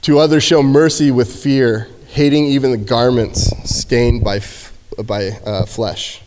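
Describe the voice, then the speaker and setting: A man giving a casual youth sermon in a church, joking and acting out shouted quotes. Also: medium pitch, fairly even intonation, a little slow, a little hiss or hum. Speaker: youth speaker. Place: church sanctuary. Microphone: handheld microphone. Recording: hall reverb.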